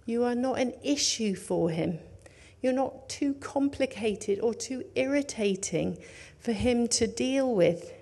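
A woman preaching a sermon in an earnest, conversational way, dropping to hushed tones and rising for emphasis. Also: fairly high pitch, animated, slow pace.

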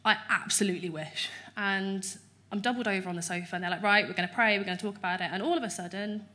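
A woman, giving a chatty, animated testimony in an interview at church. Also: mid-range voice, fast.

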